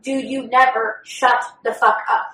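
A young woman co-hosts a podcast, chatting candidly and profanely while oversharing about her own life. Her voice sits fairly high, with a level, sharp tone and a slightly slow pace. The distant mic gives the recording a roomy sound.

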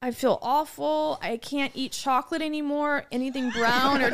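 A woman's voice: high-pitched, fairly even intonation, moderate pace, hardly any pauses, heavy background noise. A young woman in casual podcast chat, telling a story with lots of laughing and reading messages aloud. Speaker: guest.

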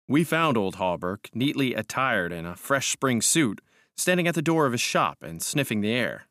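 Man, audiobook narrator, measured, calm, dry close sound. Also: mid-range voice, no room sound. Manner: measured, calm, steady reading. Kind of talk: scripted narration.

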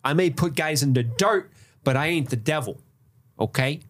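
A prickly young mobster, as a man puts him on in a casual chat. His voice sits a bit higher and louder than the man's own talk. He is combative and defensive, quick to bristle at any remark. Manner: combative, quick to take offence.

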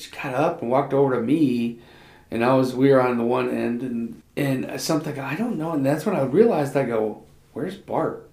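A man's voice: medium pitch, vocal fry, a little mellow. A man in his fifties chatting casually with his wife, telling a long camping story with fillers and laughs. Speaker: podcast co-host, husband. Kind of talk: casual conversation. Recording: echoey room.

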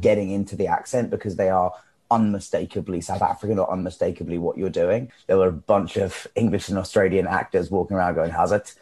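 A man's voice: deep voice, dark tone. A young adult man, an actor, chatting casually in a press interview and thinking aloud with fillers.

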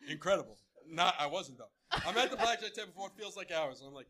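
A quick, high-voiced man hosts a live podcast taping, rambling through a profane, self-mocking story. His voice is bright and forward. He barely pauses between lines. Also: expressive. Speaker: podcast host. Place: live show in front of an audience.

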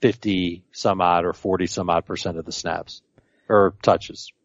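A man's voice: low-pitched, little pitch movement, unhurried, no echo, dull audio. A man co-hosting a fantasy football podcast, arguing his picks emphatically and confidently in casual chat. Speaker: podcast co-host.

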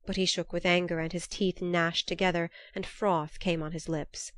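A woman reads an old myth aloud in a measured, unhurried way. Her voice sits fairly low, and the sound is dry and close with no room around it. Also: flat delivery, dry recording. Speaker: narrator. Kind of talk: storybook narration.

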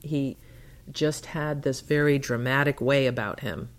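A woman with a very deep voice recalls her late father in a recorded interview. She speaks fondly and laughs often. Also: fairly even intonation, unhurried. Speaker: daughter remembering her father.

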